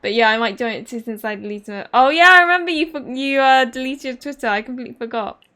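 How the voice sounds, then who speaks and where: A woman's voice: a little high, fast talker, sharp tone. A young woman live streaming a game, giggly and hyper, chatting casually with her viewers.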